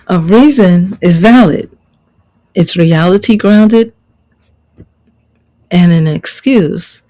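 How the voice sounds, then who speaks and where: A woman's voice: low-pitched, dark tone, rough recording. A middle-aged woman life coach teaching a motivational online lesson, preaching and repeating her key phrases for emphasis.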